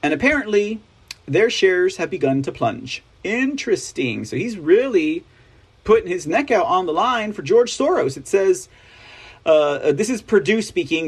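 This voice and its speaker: A man's voice: high-pitched, big pitch swings, unhurried, breathy edge. A man from Texas with a Texan drawl, hosting a news commentary show, reading stories aloud with sarcastic, rambling asides and constant "right?" tags.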